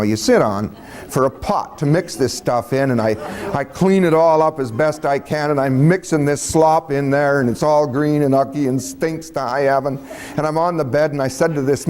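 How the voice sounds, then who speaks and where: A man's voice: mid-range voice, darkish tone. A man telling a personal story in a folksy, casual way, chuckling and acting out the dialogue as he goes.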